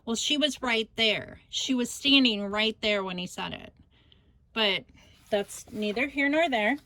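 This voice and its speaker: A woman's voice: a little high, a little slow. An older woman and grandmother, hosting a scrapbooking channel, rambling through a family story in a casual vlog. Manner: rambling, animated retelling of a family argument.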